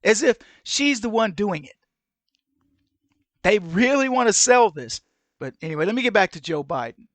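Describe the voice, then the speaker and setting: A middle-aged man hosting an opinion commentary show, telling stories in an animated way and acting out the people he quotes. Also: sits high, normal speed, pauses often, no room sound. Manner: animated storyteller who acts out the people he quotes. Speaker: podcast host.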